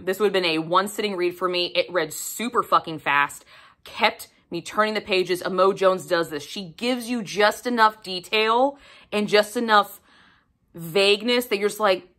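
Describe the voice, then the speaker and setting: Bright-voiced, profane woman reviewing a book. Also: medium pitch, normal speed. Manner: profane, animated, emphatic. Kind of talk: casual book review vlog.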